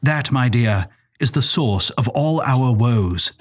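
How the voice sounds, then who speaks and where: A man voicing a soft-spoken, courteous keeper of a dream lodge with a grand way of talking. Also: medium pitch, lively intonation, slow.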